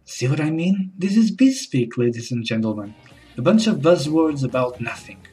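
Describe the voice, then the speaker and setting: A man hosting a comedy podcast, playing a baffled dinner guest with slow, hesitant, bewildered replies. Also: mid-range voice, animated, mellow, soft background music. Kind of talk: comedy sketch and podcast narration.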